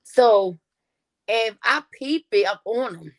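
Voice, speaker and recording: A woman's voice: fairly high pitch, slow pace. A woman guest on a podcast, telling stories in casual slangy talk with lots of swearing and acted-out quotes. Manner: animated storyteller acting out quotes in other voices; profane, slangy. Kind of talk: casual storytelling chat.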